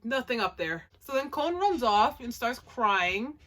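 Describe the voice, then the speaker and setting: A woman casually recapping an anime episode, chatty and animated, with lots of "like" and laughing asides. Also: on the high side, a little slow, heavy background noise. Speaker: anime reviewer.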